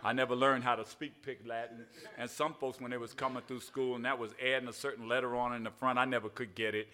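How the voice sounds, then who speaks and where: Folksy older preacher, bright voice. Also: male voice, mid-range voice, level tone, fast talker. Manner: folksy, repeats "all right", spells words out, calls and response. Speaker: pastor. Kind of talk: evening sermon.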